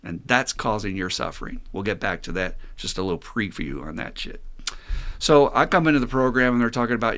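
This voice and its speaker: Older man, lowish voice, casual storytelling, laughs often, recovery talk host. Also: brisk. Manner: animated joke-telling, laughs often.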